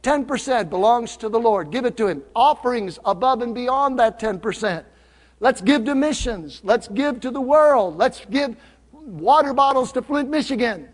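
A man's voice: very high-pitched, lively intonation, moderate pace, big-room sound. A man preaching a sermon as pastor, playful and teasing as he talks to the congregation. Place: church sanctuary.

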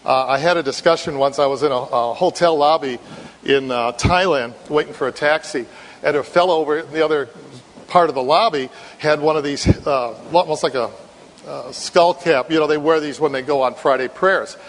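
A man's voice: fairly high pitch, moderate pace. A man from Ireland, a missionary preacher, giving a sermon in a conversational storytelling way, often repeating words. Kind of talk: sermon with anecdote. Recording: long reverb in a hall.

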